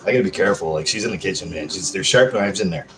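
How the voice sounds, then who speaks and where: A man's voice: low voice, rapid-fire, fairly bright tone, slight background noise. Male streamer, casual home live-stream chat, crude and joking with viewers.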